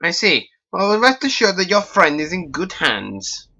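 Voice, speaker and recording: A man's voice: high voice, sing-song, pushed and bright, voice pushed up, full character voice. A man putting on a prim, accented stork doctor. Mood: businesslike. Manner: put-on accent, measured and polite. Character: stork doctor, calm and formal. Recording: dull lo-fi recording.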